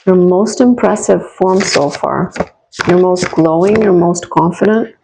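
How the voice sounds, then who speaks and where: Encouraging woman with vocal fry. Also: on the low side, measured pace, background noise. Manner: warm, encouraging, talks straight to the listener; rambling with frequent restarts and asides. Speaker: tarot reader. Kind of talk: casual tarot reading spoken to the viewer.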